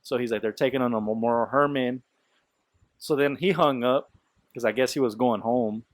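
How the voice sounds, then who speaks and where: A man's voice: mid-range voice, moderate pace, no echo. A man hosting a podcast, telling a story in loose casual talk, full of swearing, fillers and quoted speech. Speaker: podcast host.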